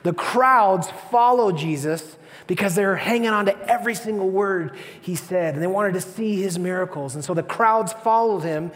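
A male pastor preaching a sermon with animated storytelling, acting out the people in it. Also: sits high, in a large hall. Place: church.

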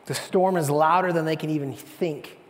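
A man pastor preaching a sermon with animated storytelling, swinging between hushed and loud. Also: fairly high pitch, normal speed, big-room sound.

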